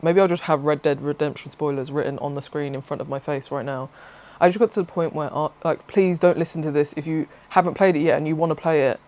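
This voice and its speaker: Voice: medium pitch, fast, hardly any pauses. A craft vlogger, talking in a casual, rambling way and often laughing and breaking off mid-thought. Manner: rambling, excitable, self-interrupting, laughs often. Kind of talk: casual chatty vlog.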